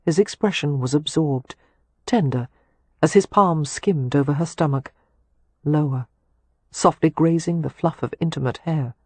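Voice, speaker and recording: A woman narrating a romance audiobook in a measured, intimate way, close to a studio mic. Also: low-pitched, darkish tone, husky, dry recording.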